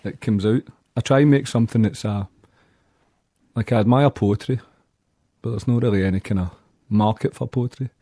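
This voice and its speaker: A man's voice: fairly low pitch, normal speed, pauses often, mellow, dry recording, clean studio sound. A man with a Glaswegian accent, talking bluntly and plainly as a musician in a casual interview. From Scotland. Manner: blunt, plainspoken, uses local slang. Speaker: musician guest.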